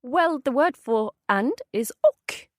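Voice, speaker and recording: A woman with a Swedish accent teaches her language on a podcast, patiently modelling each phrase. Her fairly high voice swings up and down in a lively, sing-song way. The recording is dry and close. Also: unhurried, dry recording.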